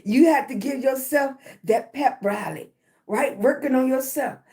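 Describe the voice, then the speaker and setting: Woman, high-pitched voice, motivational live-stream talk, congested chest, repeats "right?". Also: a little slow, a little mellow. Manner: repetitive, keeps asking "right?". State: chest congestion, clearing her throat.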